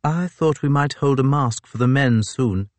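A man's voice: mid-range voice, moderate pace, darkish tone, no echo, pitched above the performer's own voice, natural voice. A man voicing a nervous, earnest naval captain with a slight lisp, speaking eagerly and a bit hurriedly in an audiobook. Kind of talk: audiobook character voice.

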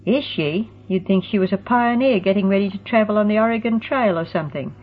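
A woman's voice: mid-range voice, fairly quick, pitched above the performer's own voice, close to an everyday voice. A woman voicing a sulky, stubborn young teenage girl who grumbles. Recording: tinny phone-like sound.

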